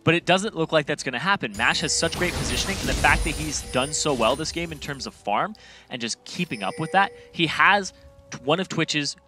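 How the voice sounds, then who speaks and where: Slightly high-voiced male esports analyst. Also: animated, fairly quick, music in the background. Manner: walks through replays step by step, voicing players' thoughts. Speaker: esports color commentator. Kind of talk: color commentary and replay breakdown.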